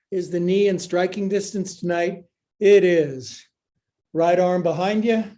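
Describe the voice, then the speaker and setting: A man's voice: high voice, warm tone. A male yoga teacher leading a live-streamed class, cueing poses with playful jokes and sometimes out of breath.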